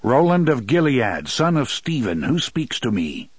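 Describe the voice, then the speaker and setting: A man voicing a calm, stern gunslinger who speaks in a clipped way. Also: medium pitch, measured pace, breathy edge, no room sound.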